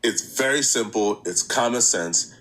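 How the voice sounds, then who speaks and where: A man hosting a reaction channel, giving casual, animated commentary, laughing easily and repeating points for emphasis. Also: fairly low pitch, a little slow, a little hiss or hum, rough recording.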